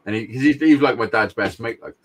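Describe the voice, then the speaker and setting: This Welsh podcast co-host is middle-aged and speaks fast in a mid-range voice. Telling a blunt tale peppered with swearing, he laughs often throughout the easygoing storytelling chat.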